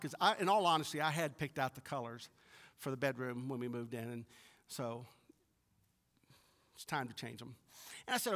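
A middle-aged man preaching a sermon, building to emphatic peaks and then dropping soft and low. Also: normal speed, pauses often. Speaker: pastor. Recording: long reverb of a large hall.

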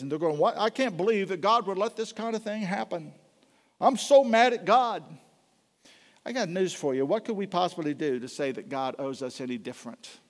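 Male preacher, high voice, impassioned sermon with loud and hushed swings, long hall reverb.

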